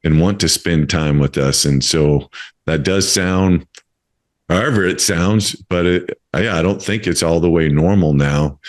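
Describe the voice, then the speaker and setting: A man's voice: deep voice, measured pace. A man in his fifties hosting a casual interview, talking in a rambling way with many fillers and restarts. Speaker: podcast host.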